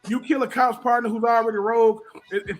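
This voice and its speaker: A man co-hosting a sports radio show, chatting casually in an animated, slangy way that repeats itself. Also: very high-pitched, fast talker, faint music behind. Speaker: co-host.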